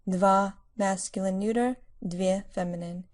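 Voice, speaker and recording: A woman teaching a language lesson in a clear, patient way, explaining pronunciation step by step. Her voice sits at an ordinary middle pitch. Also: fairly even intonation, unhurried, darkish tone.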